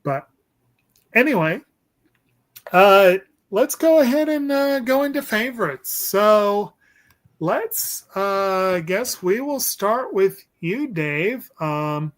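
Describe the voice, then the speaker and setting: A man's voice: sits high, expressive, slow pace. A man hosting a casual movie discussion, rambling and hesitant with lots of ums and restarts. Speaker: podcast host.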